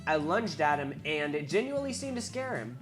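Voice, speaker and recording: A woman reading a visual novel aloud, wry, with asides and quick self-corrections. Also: low-pitched, big pitch swings, music in the background. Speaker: game reader.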